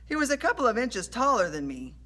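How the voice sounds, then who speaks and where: A woman reading a children's adventure story aloud in an animated storytelling way. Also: a little high, fast. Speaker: storybook reader.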